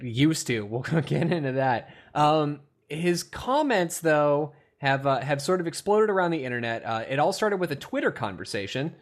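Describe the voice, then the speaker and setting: A young man hosting a casual podcast, animated and laughing, with lots of fillers. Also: a little high. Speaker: podcast host. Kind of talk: casual chat.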